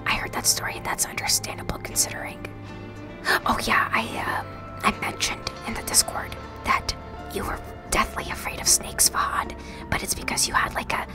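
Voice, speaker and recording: A woman's voice: on the high side, gravelly, rough recording. A young woman streamer in whispered role-play, chatting casually and swearing often into a close microphone.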